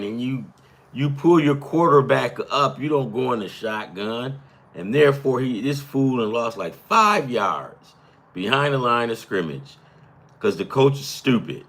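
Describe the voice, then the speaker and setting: Husky man telling a rambling story. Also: mid-range voice, big pitch swings, measured pace, a bit bright. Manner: rambling, swears, laughs at his own story. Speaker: podcast host. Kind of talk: casual storytelling and game commentary.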